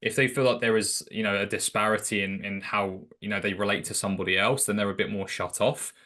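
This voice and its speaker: A man's voice: lowish voice, steady tone, fast, pushed and bright. A man talking through sales advice in a loose, chatty way, telling stories with lots of filler words. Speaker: sales coach guest. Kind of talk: casual conversational storytelling.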